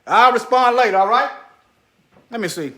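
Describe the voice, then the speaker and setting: Over a screen share, a man delivers preachy commentary directly to his viewers, repeating phrases for emphasis and muttering asides as he searches. His voice is very high-pitched and a bit bright, at normal speed, in an echoey room.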